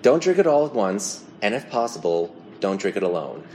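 A man's voice: on the low side, big pitch swings, moderate pace, warm tone, slight background noise. A man hosting a casual podcast trivia quiz, reading out questions and multiple-choice answers. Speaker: quiz host.

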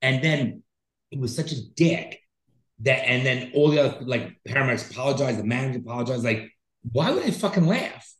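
A man telling a story in loose, rambling bursts, full of swearing and restarts. His voice sits at a middle pitch, and the room around him rings with echo. It sounds like a relaxed podcast chat. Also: brisk. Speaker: podcast co-host. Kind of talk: casual chat.

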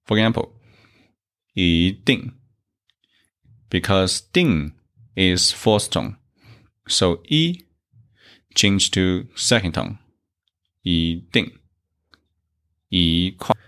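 Slow, deep-voiced male language teacher. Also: a bit bright. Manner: measured, explains step by step, repeats examples. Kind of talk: slow, deliberate grammar lesson.

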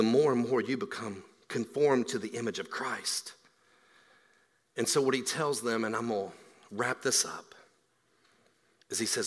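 Preaching man with a lively, bright voice in a reverberant hall. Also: mid-range voice, normal speed. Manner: dynamic preaching, swinging from hushed to loud and emphatic. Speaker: pastor. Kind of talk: sermon.

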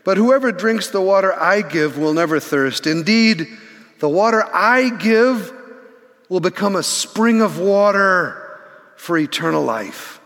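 A preacher voicing a calm wise teacher. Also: male voice, sits high, exaggerated voice. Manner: calm, measured, declaring. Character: calm, gentle man of faith, speaking wisely. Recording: long reverb in a large hall.

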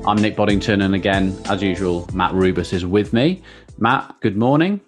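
A man hosting a podcast in casual chat, jokey and quick to tease his co-host. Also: deep voice, over music.

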